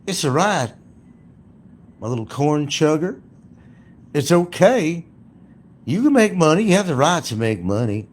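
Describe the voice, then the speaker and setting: Brief: condescending Southern belle attorney, high and sugary, mockingly put on by a man. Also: sing-song, unhurried, long pauses. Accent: put-on American Southern. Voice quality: high, cooing falsetto. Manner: condescending, syrupy. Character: mocking sweet-talking female lawyer with Southern drawl.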